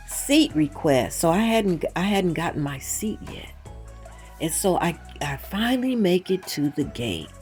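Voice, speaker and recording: A woman hosting her own channel, telling a story casually and acting out the dialogue, with emphatic asides to the viewers. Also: fairly low pitch. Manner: animated retelling with quoted dialogue. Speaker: channel host.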